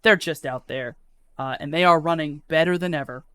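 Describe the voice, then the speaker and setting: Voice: mid-range voice, normal speed, a bit bright, smooth, no echo. A game master narrating a live tabletop game in a casual, swearing, filler-heavy way.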